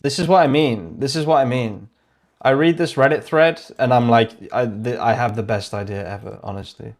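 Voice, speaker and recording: Excitable young man thinking aloud. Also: medium pitch, moderate pace. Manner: thinking aloud, excitable, laughs often, mutters asides. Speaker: host. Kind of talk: casual livestream commentary.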